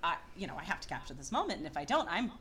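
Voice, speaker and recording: A woman's voice: on the low side, racing. A woman in her thirties, a podcast guest, chatting casually and acting out quoted lines as she tells a story. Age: 30s. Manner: animated storyteller, acts out quoted dialogue. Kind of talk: casual chat.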